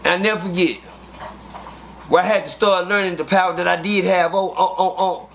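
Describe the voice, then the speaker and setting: A man, an interview guest, telling prison stories in a profane, animated way and acting out the dialogue. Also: high-pitched, moderate pace, creaky, slight background noise. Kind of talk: casual storytelling.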